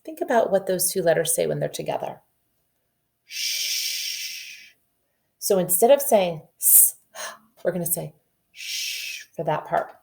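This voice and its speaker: A woman teacher giving a phonics lesson for young children, patiently sounding out letters and word parts slowly and clearly, coaxing her young learners with questions. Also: fairly low pitch, expressive, mellow.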